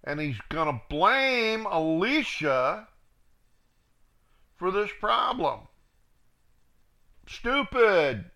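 A man's voice: sits high, sing-song, slow pace, creaky, pauses often, sharp tone. A man teaching the Bible verse by verse, reading passages aloud and adding plain asides. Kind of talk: verse-by-verse scripture reading with commentary.

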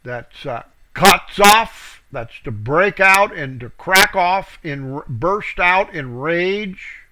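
A man teaching scripture verse by verse, reading each verse aloud with stress and then explaining it in a deliberate way with fillers. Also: high voice, lively intonation, crowd noise. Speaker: Bible teacher.

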